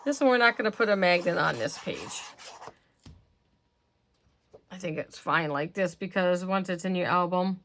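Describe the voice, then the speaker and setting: A woman's voice: on the low side, moderate pace, long pauses, fairly bright tone. A woman hosting a craft tutorial, explaining steps casually while working with her hands and murmuring to herself, her voice slightly worn and losing strength. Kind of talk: casual step-by-step craft instruction.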